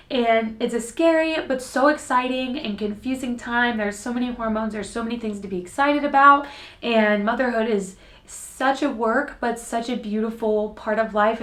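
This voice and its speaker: A woman's voice: fairly high pitch, echoey room. A young woman and mom talking tearfully and earnestly to her viewers in a personal vlog, her voice wavering as she holds back tears. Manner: heartfelt and earnest, speaks directly to viewers. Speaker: fitness creator and mom. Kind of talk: emotional personal vlog to camera.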